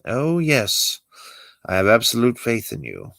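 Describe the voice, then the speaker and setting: Casting: man reading a wisecracking weary Jedi hermit, low gravelly voice, swinging pitch. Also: a little slow, no echo, exaggerated voice. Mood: wry. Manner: sardonic, lively delivery. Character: dry-witted exiled male Jedi master. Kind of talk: amateur script read-through.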